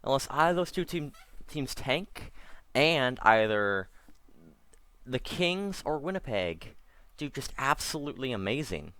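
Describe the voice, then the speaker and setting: A man's voice: medium pitch, sing-song, measured pace, bright, forceful tone, no room sound. A man doing casual let's-play commentary, rambling and correcting himself, with wry asides. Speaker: gameplay commentator.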